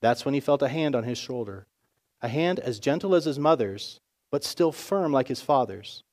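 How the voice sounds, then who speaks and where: A male pastor narrating a story in a sermon with expressive storytelling. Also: mid-range voice, moderate pace.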